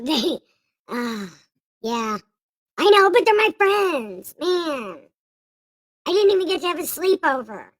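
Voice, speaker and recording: A woman's voice: high-pitched, fairly bright tone, no room sound, pitched above the performer's own voice, heavily acted. A woman voicing a young man who pleads with his father in a casual, slangy, giggly way.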